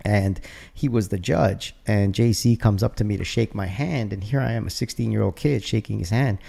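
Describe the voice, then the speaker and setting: A gravelly, mellow-toned Canadian man in his fifties spins animated stories in relaxed podcast chat. He leans on "bro" and "you know" between thoughts. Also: fairly low pitch, moderate pace. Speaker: guest DJ. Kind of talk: casual storytelling chat.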